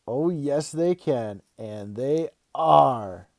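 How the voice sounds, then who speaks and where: A bouncing, excitable father bursting with news, pitched up and eager, as a man reading aloud puts him on. His tone is mellow and dry, close and playful, a storybook dad who can't sit still. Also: measured pace, dry recording, lightly acted. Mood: excited. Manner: eager and loud, teasing.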